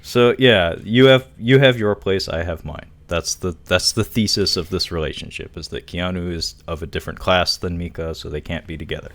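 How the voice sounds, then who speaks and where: A man's voice: low-pitched, normal speed, hardly any pauses, a bit bright. Laughing man recapping a film. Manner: laughs often, loose and profane, recaps plot with asides. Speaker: podcast co-host. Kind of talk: casual film review chat.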